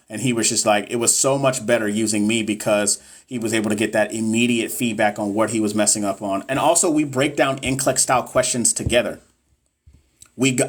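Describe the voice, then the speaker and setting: A man tutoring nursing exam students on a casual livestream, reading viewer comments and chatting loosely with lots of fillers. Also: fairly low pitch. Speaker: NCLEX tutor and course seller. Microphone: phone or webcam on a livestream.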